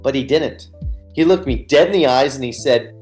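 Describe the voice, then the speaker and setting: A man's voice: medium pitch, normal speed, a little mellow, soft background music. Earnest man telling his story. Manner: earnest, candid, retells scenes with quoted dialogue. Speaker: guest. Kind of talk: personal storytelling in a radio interview.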